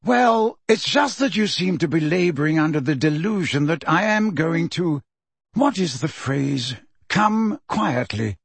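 Man playing a calm old storybook wizard, pleasant and wry, slightly husky. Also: fairly high pitch, a little slow, dry recording, full character voice. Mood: gently ironic. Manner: calm, pleasant, gently ironic. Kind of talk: audiobook character reading.

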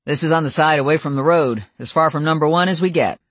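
An audiobook narrator voicing a relaxed, friendly small-town motel keeper. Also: medium pitch, fast talker, no echo, lightly acted.

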